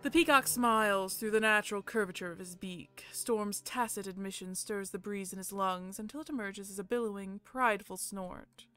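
A woman hosting a let's play, reading a visual novel's narration aloud in a soft, measured voice. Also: mid-range voice, no echo, faint music behind.

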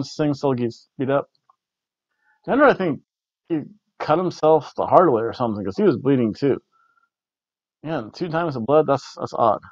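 A man's voice: medium pitch, no room sound. A man casually reviewing a wrestling event, rambling and repeating words as he rates matches with food jokes. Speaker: podcast co-host reviewing wrestling. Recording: dull lo-fi dry recording.

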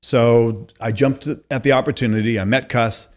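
A man's voice: medium pitch, normal speed. Storytelling man in his fifties. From California. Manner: long animated anecdotes, acts out quoted voices. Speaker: podcast guest. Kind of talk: conversational storytelling.

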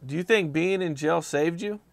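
A man's voice: a little high, moderate pace, gravelly. Man asking short interview questions. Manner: short, plain questions and brief reactions.

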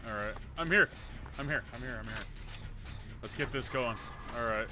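A man streaming a game live, excitable and jokey, yelling at what happens on screen. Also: mid-range voice, moderate pace, long pauses, noisy background. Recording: game music behind the voice.

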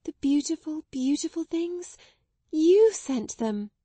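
A woman's voice: fairly high pitch, measured pace, warm tone, dry recording, voice pushed up. A woman voicing an earnest, tender young girl who speaks with eager, breathless wonder. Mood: joyful.

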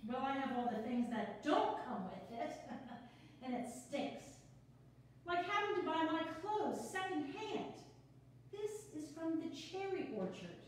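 A woman playing a nervous, chatty young lyricist in a play reading, talking quickly and laughing at herself. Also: high-pitched, big pitch swings, a little hiss or hum. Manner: quick, jittery, self-mocking, laughs often. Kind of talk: reader's theater play reading. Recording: echoey room, far from the mic.

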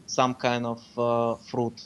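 A man's voice: medium pitch, completely flat delivery, slow, smooth. A man running a tabletop game as game master, narrating with frequent hesitations and fillers. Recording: dull lo-fi sound.

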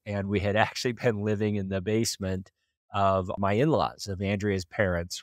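This podcast host, a man from small-town Idaho in the USA, has a deep voice. He earnestly retells a personal story, chuckling now and then. The recording is dry and clean, with studio sound.

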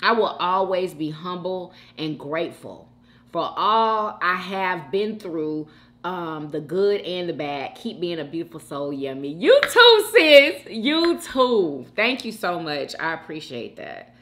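Give me a woman with a lively, swooping voice, chatting casually with her viewers. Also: lowish voice, unhurried. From Houston, Texas. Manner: chatty and emotional, calls viewers girl and sis. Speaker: mukbang host reading live chat. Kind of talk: casual chat.

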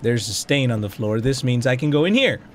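A young man hosting a gaming video, commenting on a horror game as he plays, excitable and profane, muttering to himself and yelling at the game. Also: medium pitch, fairly quick, a little hiss or hum.

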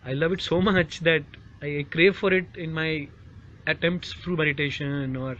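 A man from the audience asking a long question, halting and restarting often. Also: a little high, steady tone, fairly bright tone. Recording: dull audio with faint noise.

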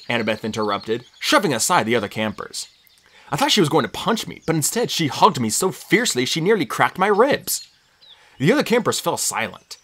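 An audiobook reader narrating a story in first person with lively, expressive storytelling. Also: medium pitch, brisk.

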